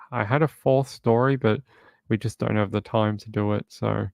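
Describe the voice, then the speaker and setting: A man's voice: medium pitch, vocal fry, darkish tone, no room sound. A man hosting a true crime livestream from home, chatting casually and reading viewer comments aloud.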